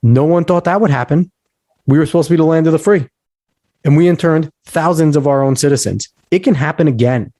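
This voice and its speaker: A man's voice: on the high side, a little fast, dark tone, no room sound. A man hosting a podcast, ranting with heated emphasis and lecturing on history. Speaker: podcast host. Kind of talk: casual podcast talk.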